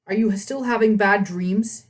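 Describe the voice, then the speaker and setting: A woman's voice: mid-range voice, steady tone, unhurried, close to an everyday voice. A woman doing a stern rich father. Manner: stern, demanding. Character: stern wealthy middle-aged father.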